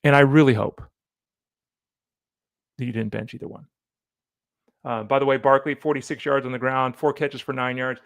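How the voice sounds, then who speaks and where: A man hosting a solo fantasy football podcast, animated and opinionated, talking straight to the listener. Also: mid-range voice, normal speed, gravelly, long pauses, smooth, no room sound, studio quality. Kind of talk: solo sports podcast commentary.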